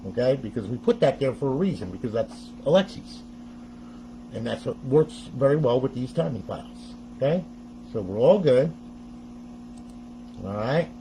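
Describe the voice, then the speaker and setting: A man's voice: medium pitch, very animated, normal speed, long pauses, mellow, a little hiss or hum, rough recording. Chatty, laughing man hosting a tech tutorial. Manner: chatty, laughs often, talks to viewers. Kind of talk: casual step-by-step tech tutorial.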